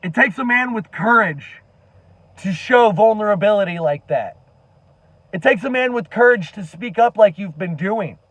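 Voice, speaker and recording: Impassioned man, high voice, dry sound. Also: animated, normal speed, a bit bright, no room sound. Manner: earnest, impassioned, emphatic with profanity. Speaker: political commentary vlogger. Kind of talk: emotional monologue to camera.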